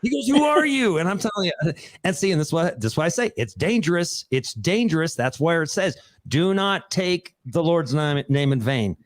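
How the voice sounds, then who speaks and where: A man hosting a call-in show, telling a story with animated quoted voices. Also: on the high side, normal speed, no echo. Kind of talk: casual call-in chat, storytelling.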